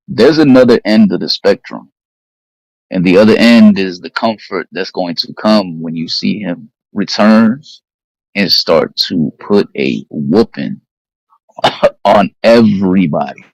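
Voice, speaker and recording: A man's voice: on the low side, no room sound, rough recording. A man moderating a live audio discussion, calling listeners family and framing events through scripture. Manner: steady, addresses listeners as family, scripture-minded. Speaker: discussion moderator and Bible teacher. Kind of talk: preaching-style group talk.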